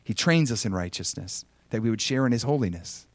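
Male preacher, mid-range voice, lively storytelling sermon, dry close sound. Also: fairly quick, no room sound. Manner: animated personal storytelling, chuckles often; swings between loud emphasis and soft low asides.

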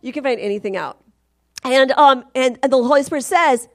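Middle-aged woman preacher, slightly high voice, animated storytelling sermon. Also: brisk. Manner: animated storytelling, swings loud and high at climaxes. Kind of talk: testimony sermon.

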